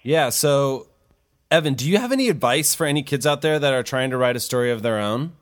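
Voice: mid-range voice, animated, a little fast, dry recording, studio quality. An adult host with an upbeat, encouraging manner, interviewing a young guest in a casual chat and laughing easily. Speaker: host interviewing a child author.

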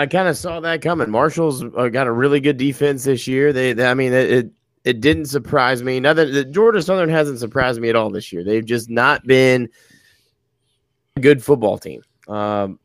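A man's voice: mid-range voice, smooth, dry recording. Guy breaking down a rivalry game, earnest, mid voice, dry close mic. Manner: earnest, building arguments. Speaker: podcast co-host. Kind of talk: casual sports analysis.

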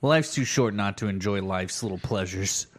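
A man's voice: on the low side, normal speed. A man co-hosting a casual podcast chat, given to laughing, crude banter. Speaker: podcast co-host.

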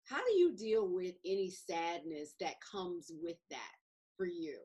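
A woman's voice: on the low side, sing-song, measured pace, warm tone, slightly rough. Sympathetic woman hosting a podcast. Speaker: podcast host. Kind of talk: casual podcast conversation.

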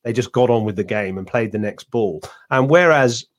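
A man's voice: medium pitch, moderate pace. A man co-hosting a cricket podcast, telling anecdotes in a rambling, casual way with many restarts and asides.

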